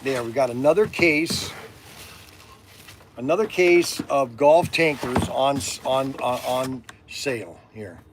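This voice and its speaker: A man's voice: medium pitch, takes it slowly, noisy background. An older man hosting a toy shop video, chatting casually with rambling jokes and restarts. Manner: rambling, joking, self-interrupting. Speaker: host of a toy shop channel. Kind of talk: casual chat on camera.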